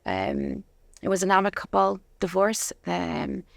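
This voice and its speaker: A middle-aged woman from Zimbabwe, a guest telling her story in a rambling way with many pauses and laughs. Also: on the low side, big pitch swings, creaky, no room sound. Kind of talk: casual interview chat.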